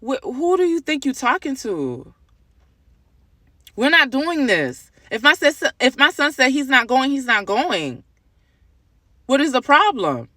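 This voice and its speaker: A woman with a bright, forceful voice tells a family story in a vlog, animated and quick to laugh, her exasperation showing. The sound is dry and close, with no room around it. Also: sits high, dry recording. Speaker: mother telling a family story.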